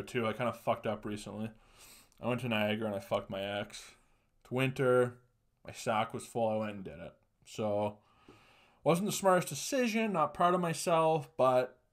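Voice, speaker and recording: A young man hosting a podcast, ranting alone with crude, profane jokes and laughing at his own punchlines. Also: mid-range voice. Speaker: podcast host. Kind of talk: solo comedic rant.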